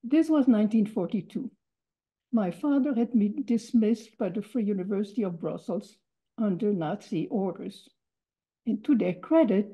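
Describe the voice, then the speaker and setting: A woman in her eighties from Belgium, reading a prepared memoir talk in a deliberate, measured way. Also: a little high, husky. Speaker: Holocaust survivor speaker. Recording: dull lo-fi recording.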